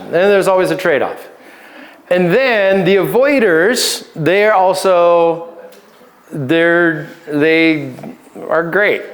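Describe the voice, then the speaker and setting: A male pastor with a notably high voice teaches a seminar on relationships. He talks casually and jokes with his listeners. He laughs often and keeps checking in with a quick "right?". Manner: conversational, keeps asking "right?".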